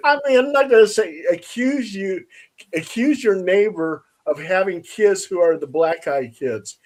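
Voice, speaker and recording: A man hosting a casual chat, telling a story in an animated way and acting out the voices of the people in it. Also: high-pitched, measured pace.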